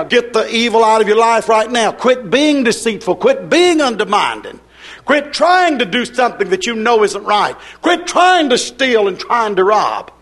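A man preaching a sermon in an emphatic, repetitive cadence, breaking into shouts. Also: high-pitched.

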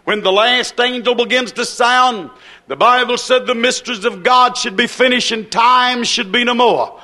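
A man's voice: very high voice, moderate pace, sharp tone. A man preaching a sermon with an emphatic, repetitive cadence.

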